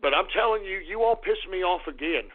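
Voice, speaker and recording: A man's voice: lively intonation, a little fast. Ranting radio host man, tinny sound. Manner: angry, swearing, swings from low grumbling to shouting. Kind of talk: ranting call-in radio talk. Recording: tinny phone-like radio recording.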